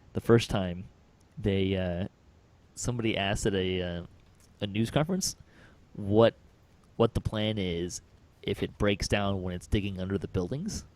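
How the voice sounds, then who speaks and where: A man with a lowish voice hosts a casual podcast chat. He rambles through anecdotes, pausing on fillers and chuckling as he goes. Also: a little mellow. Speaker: podcast host.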